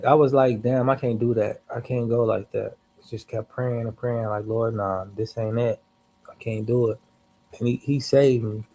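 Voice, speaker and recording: A man's voice: medium pitch, mellow, poor audio. Young male streamer, casual storyteller, heavy slang and cursing, rambling asides. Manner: loose, slangy, profane, restarts and asides. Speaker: livestream host.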